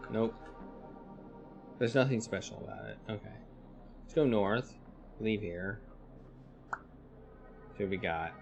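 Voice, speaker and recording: A man's voice: lowish voice, slow pace, vocal fry, long pauses, darkish tone. A man streaming a live text adventure, thinking aloud, reading the game text and greeting his chat. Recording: faint music behind.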